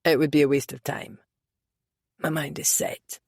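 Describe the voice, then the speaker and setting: A woman voicing a stubborn young Scotsman, low and gruff, with a Scottish accent and clipped, muttered replies. He sounds worn down by injury, as a narrator puts him on in a dry, close recording. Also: little pitch movement, moderate pace, a little mellow, dry recording, full character voice.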